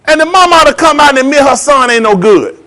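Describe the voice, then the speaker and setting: A man delivering a heated, preachy monologue in slangy street talk, swinging between loud jabs and low asides. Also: big pitch swings, fast talker. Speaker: vlogger. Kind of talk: ranting commentary monologue.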